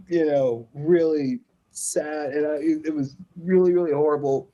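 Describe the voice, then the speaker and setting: Mellow-voiced man telling a lively story. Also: fairly high pitch, measured pace, rough recording. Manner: animated storyteller who acts out quoted voices and laughs between lines. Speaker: podcast guest, musician. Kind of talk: casual interview storytelling.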